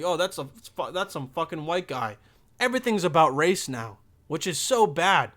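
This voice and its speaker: A man's voice: high-pitched, fairly bright tone. A young man hosting a podcast, talking in a loose, rambling and profane monologue. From Bosnia. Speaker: podcast host.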